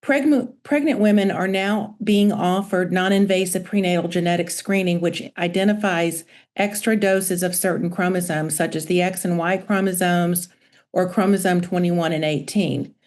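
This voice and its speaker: A woman pediatrician presenting a medical webinar lecture over a video call in a measured, informative way. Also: lowish voice, fairly even intonation, darkish tone. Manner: measured, informative, reading from slides.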